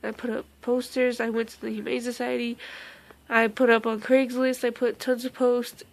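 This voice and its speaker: A young woman vlogger, emotional and near tears, talks in a halting way full of fillers and restarts. Her voice sits a bit high with a gravelly fry running through it. She stays on a flat, narrow tone. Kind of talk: casual storytime vlog.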